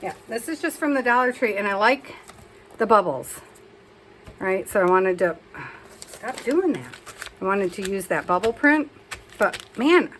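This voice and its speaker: A woman chats her way through a messy art session at a home craft table, talking to viewers and scolding herself as she goes. Her voice sits at an ordinary middle pitch. A faint background hiss runs under the recording. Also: lively intonation, measured pace, pauses often, fairly bright tone, low-quality recording. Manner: chatty, self-talking while working, scolds herself. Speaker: craft vlogger. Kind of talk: casual crafting chat.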